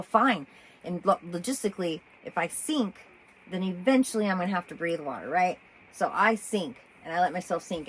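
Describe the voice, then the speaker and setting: A woman telling a personal story in a rambling, animated way, often breaking off and restarting. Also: fairly low pitch, slight background noise, poor audio. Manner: rambling, animated, self-interrupting with laughs. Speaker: vlogger.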